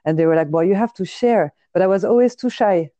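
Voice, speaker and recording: A woman from France with a deep, low voice and a strong French accent, chatting on a podcast. She teases and slips in deadpan jokes. The sound is dry and close. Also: quick pace, no echo, muffled recording. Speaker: podcast host. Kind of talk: casual chat.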